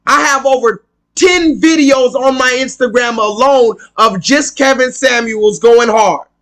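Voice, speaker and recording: A man with a strikingly high-pitched voice holds forth on a live stream. He rants with heat and plenty of swearing, hammering his points again and again. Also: measured pace, a bit bright. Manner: heated, profane, emphatic, repeats himself. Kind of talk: ranting live stream monologue.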